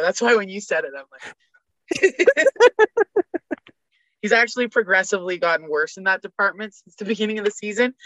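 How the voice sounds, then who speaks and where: A woman rants about sports and rattles off statistics in a bright, forceful voice. The recording is dry and slightly dull. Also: medium pitch, no echo. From Canada. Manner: fired-up ranting, rattling off stats. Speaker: podcast guest. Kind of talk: casual sports chat.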